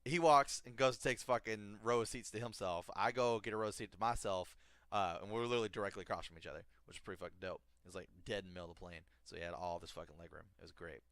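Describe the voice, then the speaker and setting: A man's voice: fairly low pitch, fairly even intonation, very fast, fairly bright tone, no echo. A man co-hosting a podcast, telling a casual, profanity-laced comedic anecdote. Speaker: podcast co-host.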